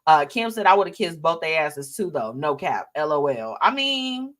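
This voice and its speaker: A woman's voice: sits low, moderate pace. Sassy woman hosting live gossip talk. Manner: animated and sassy, reads viewer comments aloud. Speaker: live show host. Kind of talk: casual celebrity gossip commentary.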